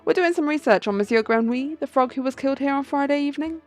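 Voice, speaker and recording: A composed male bird attorney who questions witnesses with calm, probing care, as a woman reads him aloud. His talk is measured and polite. Game playthrough read-aloud. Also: sits high, soft background music, pitched above the performer's own voice, natural voice.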